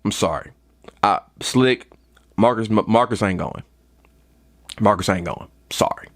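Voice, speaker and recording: A young man hosting a podcast, delivering a comedic rant and sounding a little tired. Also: a little slow. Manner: animated, swings into high mocking voices. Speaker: podcast host.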